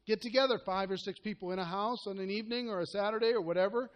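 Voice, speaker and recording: A man with a high voice gives a live coaching talk to a group. He speaks earnestly and directly and keeps checking in with the room through questions. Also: quick pace. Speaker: network marketing coach.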